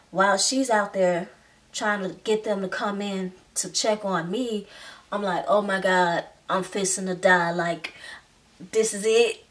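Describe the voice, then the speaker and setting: A young woman telling a personal story in a casual, chatty way, with many filler words. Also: medium pitch. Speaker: vlogger. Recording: slightly distant mic.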